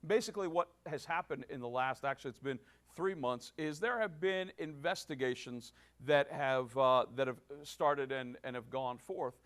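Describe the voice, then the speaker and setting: A man's voice: medium pitch, a bit bright. A male pastor giving a sermon, with many restarts and fillers, building to emphatic points. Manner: halting with many restarts, rising to emphatic preaching.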